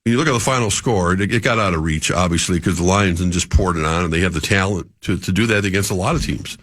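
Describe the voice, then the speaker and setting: A man's voice: deep voice, quick pace, a bit bright, no echo. A man with a cold and a cough, talking as a guest analyst on sports radio, hesitant but holding his view. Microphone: studio mic.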